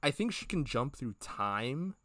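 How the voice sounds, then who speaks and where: A man's voice: mid-range voice, big pitch swings, unhurried, a bit bright, dry recording, studio quality. A man co-hosting a podcast, retelling scenes in a rambling, casual way and acting out the characters' lines. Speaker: podcast co-host. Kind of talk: casual review chat.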